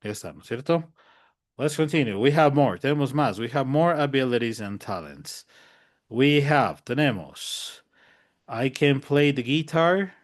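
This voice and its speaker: Man teaching English slowly. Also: medium pitch, expressive. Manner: slow drilled example sentences, repeats in Spanish. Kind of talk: online bilingual lesson.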